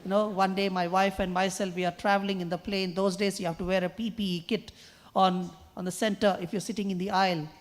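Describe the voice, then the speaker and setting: High-voiced man preaching in a hall. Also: little pitch movement, fast talker. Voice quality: high, soft voice often taken for a woman's. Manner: earnest, storytelling, with quoted refrains. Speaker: guest musician and speaker. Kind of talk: sermon-style talk to a youth audience. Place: large hall at a choir festival. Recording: long hall reverb.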